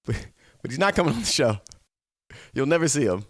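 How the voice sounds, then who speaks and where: A man's voice: mid-range voice, lively intonation, a little fast, no room sound. Male web-show host, mid-range voice, playful rambling monologue to camera, dry close sound. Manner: playful, rambling, talks straight to the viewers. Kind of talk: casual solo talk-show monologue.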